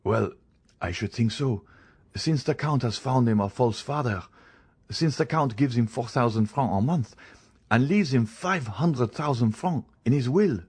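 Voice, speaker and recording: A man's voice: mid-range voice, expressive, a little slow, a little mellow, slightly rough, pitched above the performer's own voice. A man reading the part of a frightened, evasive escaped convict pleading with a priest in an audiobook.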